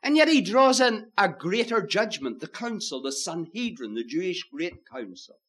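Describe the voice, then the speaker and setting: A man preaching a sermon, moving between loud stresses and hushed, solemn phrases. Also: high-pitched, big pitch swings, moderate pace. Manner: old-fashioned preaching, swinging from loud emphasis to hushed.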